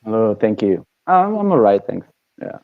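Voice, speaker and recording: A man from Italy, speaking in a lowish voice, chats through a remote call as a band guest. He hesitates often and fills gaps with fillers. The audio is dull and dry. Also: big pitch swings, normal speed, no room sound. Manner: hesitant, filler-heavy, laughs easily. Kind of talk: casual interview chat.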